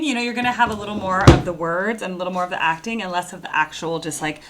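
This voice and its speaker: A woman's voice: lowish voice, animated, racing, hardly any pauses, fairly bright tone. A woman hosting a music reaction video, casually explaining vocal technique as she watches. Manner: explains vocal technique and mixes in brief sung demonstrations.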